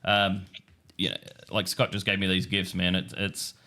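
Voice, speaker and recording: Low-voiced Australian man telling stories. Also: completely flat delivery, moderate pace, sharp tone. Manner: rambling storyteller, acts out his own past lines. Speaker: guest. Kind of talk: casual podcast chat.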